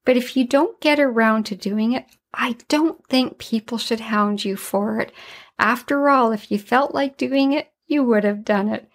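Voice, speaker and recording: A woman's voice: on the high side, measured pace. A woman in her sixties, a retired grandmother, hosting a solo podcast and telling stories in a chatty way, laughing now and then. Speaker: podcast host.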